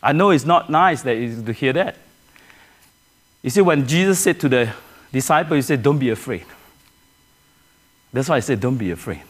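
Animated high-voiced preacher man. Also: moderate pace, long pauses. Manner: earnest, repeats and restarts phrases, asks the congregation questions. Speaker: pastor. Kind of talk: sermon.

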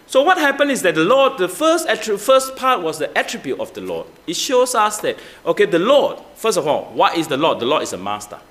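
Animated male pastor, lively rising voice. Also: on the high side. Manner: animated, rhetorical questions to the congregation. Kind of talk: sermon.

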